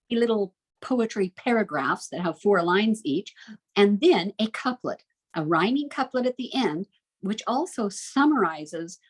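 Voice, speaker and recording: A woman's voice: medium pitch, low-quality recording. A woman teaching a recorded homeschool literature lecture, chatty and enthusiastic, with frequent "uh" fillers.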